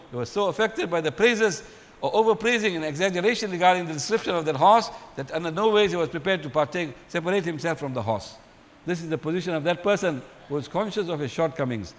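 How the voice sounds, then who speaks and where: A man's voice: a little high, long reverb tail. A man giving an earnest Islamic sermon, repeating his points with Arabic and Urdu phrases mixed into his English. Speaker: Islamic preacher.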